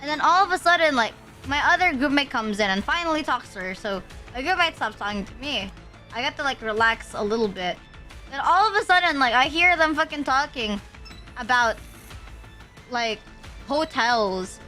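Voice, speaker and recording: A woman's voice: high-pitched, expressive, moderate pace, bright, forceful tone, faint music behind. A young woman streamer from the Philippines, rambling through a story in casual chat, swearing often and saying "like" a lot. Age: young adult.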